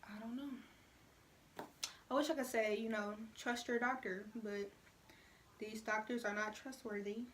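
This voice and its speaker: A woman's voice: medium pitch, steady tone, normal speed, slight background noise. A young woman, giving her opinions in a frank, conversational way on a casual vlog. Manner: frank, conversational, many "you know" asides. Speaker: vlogger.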